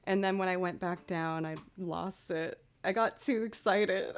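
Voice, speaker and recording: A woman's voice: lowish voice, a little slow, few pauses. Chatty woman musician on a livestream. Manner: chatty and upbeat, thanking viewers by name. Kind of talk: casual livestream chat.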